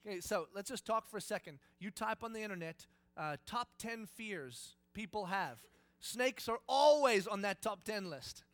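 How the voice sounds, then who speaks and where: A male pastor giving a sermon in a church, telling stories in an animated, joking way. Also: high-pitched, no room sound. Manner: animated, jokey storytelling.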